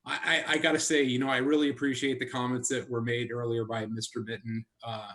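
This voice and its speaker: A man's voice: medium pitch, level tone, a little fast, a bit bright. A man speaking as police chief at a council meeting, sincere and conversational, with some stammering.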